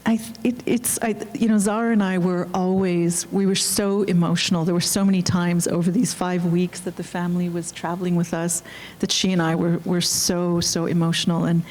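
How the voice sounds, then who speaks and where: A woman speaking as a film director on a panel, earnest and halting, with frequent restarts. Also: lowish voice, little pitch movement, darkish tone. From Canada. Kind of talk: reflective panel talk. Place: auditorium.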